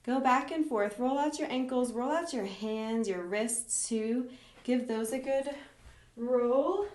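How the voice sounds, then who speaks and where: Slow, gentle woman teaching yoga in an echoey room. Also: fairly high pitch. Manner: gentle, encouraging, playful. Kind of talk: live online yoga class instruction.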